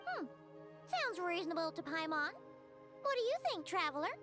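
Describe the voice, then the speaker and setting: A woman's voice: very high-pitched, big pitch swings, normal speed, a bit bright, faint music behind, full character voice. A woman voicing a tiny, chatty fairy-like game companion who talks about herself in the third person. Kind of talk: game voice acting.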